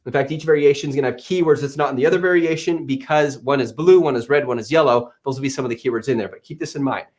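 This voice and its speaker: A man in his thirties hosting a live-stream Q&A from an office, answering chat questions on selling with energetic, playful teasing. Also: mid-range voice, fast, hardly any pauses. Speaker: livestream host and Amazon seller coach.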